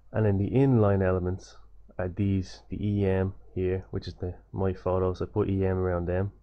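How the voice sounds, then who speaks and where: A man's voice: low-pitched, lo-fi sound. A young man giving a loose, repetitive coding tutorial over a screen recording, with many fillers and restarts.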